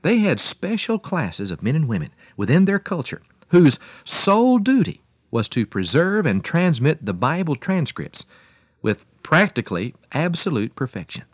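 A man hosting a radio devotional talk, telling a story and preaching in an animated, emphatic way. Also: on the high side, normal speed, slightly rough, dry recording. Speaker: radio program host and preacher.

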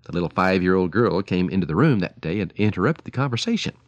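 Man doing a radio sermon, low voice, swings up and down a lot, super dry close mic, pleading with parents. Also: expressive, quick pace, dry recording, dull audio. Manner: earnest, pleading, storytelling. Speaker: radio preacher.

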